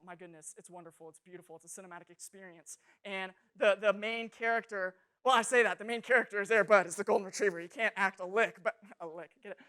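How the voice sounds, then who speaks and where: A young adult woman with a medium-pitched voice speaks at a youth sermon, telling students funny stories with animated, self-mocking humor.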